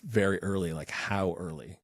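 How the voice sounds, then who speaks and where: A man's voice: low voice, normal speed, dry recording, clean studio sound, soft background music. A man hosting a podcast, chatting casually and tossing in wry jokes. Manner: wry, joking asides. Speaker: podcast host. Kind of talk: casual interview chat.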